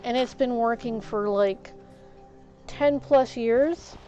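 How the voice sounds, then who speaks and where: Slow-talking indignant woman streamer. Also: fairly high pitch, mellow, muffled recording, faint music behind. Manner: venting, indignant, full of fillers and restarts. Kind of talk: casual rant to a live stream.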